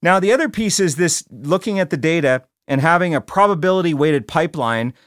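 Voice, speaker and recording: A man's voice: on the high side, lively intonation, fairly quick, no room sound. A middle-aged man hosting a podcast in a studio, talking bluntly and casually, often restarting and repeating words. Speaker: podcast host. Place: recording studio.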